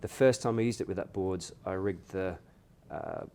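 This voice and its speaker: Guy guesting on a podcast, animated storyteller, does the voices when he quotes people. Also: normal speed, clean tone. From United Kingdom. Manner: animated storyteller, acts out quoted exchanges with jumps in pitch. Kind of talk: casual podcast interview.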